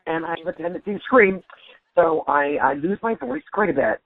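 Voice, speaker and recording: Husky woman on a phone line. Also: fairly low pitch, a little fast, dry recording. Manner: animated, restarts sentences. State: nearly losing her voice. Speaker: stand-up comedian guest. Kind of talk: casual interview chat. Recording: tinny dry phone line.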